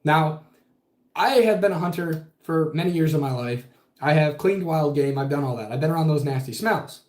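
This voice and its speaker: A podcast guest tells a ghost story in a casual, animated way, swearing constantly. His voice sits fairly high and moves at a moderate pace, recorded in an echoey room.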